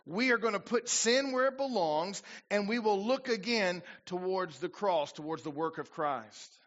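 A man's voice: high-pitched, expressive, measured pace, a bit bright. A man preaching a sermon as pastor, building to emphatic bursts and acting out quoted prayers. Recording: dull lo-fi church recording.

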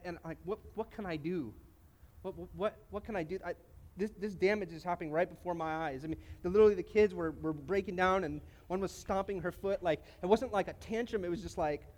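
A man's voice: high-pitched, in a large hall. A middle-aged man preaching a sermon, a pastor who tells stories and speaks straight to his congregation. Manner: conversational storytelling, addresses congregation directly. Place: church.

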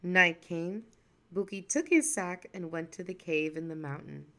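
A woman narrating a folktale in a lively, expressive storytelling voice. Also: on the low side, measured pace.

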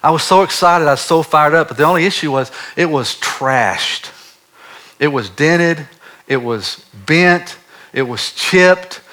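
A man preaching, telling a personal story in a lively, animated way. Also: a little high. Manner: animated storyteller, drops to a hushed voice for God's words. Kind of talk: sermon storytelling.

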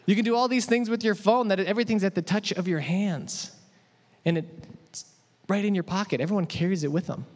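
A man preaching a sermon in a conversational, animated way, asking his audience questions. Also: high-pitched, brisk. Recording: echoey hall.

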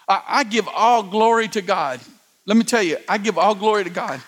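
A man's voice: high-pitched, moderate pace, a bit bright. A middle-aged man preaching a sermon as pastor, emphatic, repeating phrases and calling on the congregation to answer. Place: large church hall. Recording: long hall reverb.

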